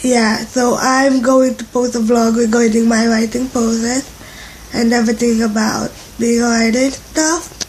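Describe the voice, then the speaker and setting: A woman's voice: flat delivery, a little mellow, a little hiss or hum, poor audio. Sick young woman rambling on her vlog. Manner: rambling, halting, low-energy. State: sick with flu, nasal and congested. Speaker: vlogger.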